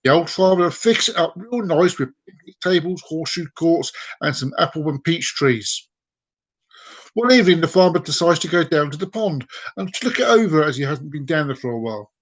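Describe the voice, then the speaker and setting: A man's voice: a little high, expressive, a little fast. A man hosting a live stream, telling jokes with chatty asides and laughing along. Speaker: host. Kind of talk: joke telling.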